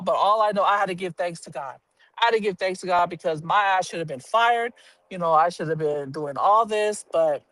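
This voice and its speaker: A woman with a lowish, slightly bright voice, recorded dry, tells a personal story. She's a union representative at a prison, and she speaks candidly and earthily, swearing freely and laughing at herself.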